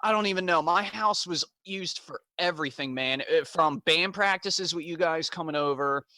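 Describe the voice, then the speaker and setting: A young man co-hosting a podcast, telling childhood stories in casual chat with quick laughs. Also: fairly high pitch, dry recording. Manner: animated storytelling, quick laughs. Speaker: podcast co-host.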